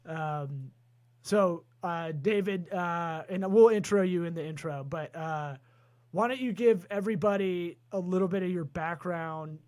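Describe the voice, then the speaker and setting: A man's voice: high voice, darkish tone. A man hosting a comedy business podcast, reading sponsor plugs and joking with his co-host. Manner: jokey, rapid-fire sponsor plugs. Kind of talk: casual podcast chat with ad reads.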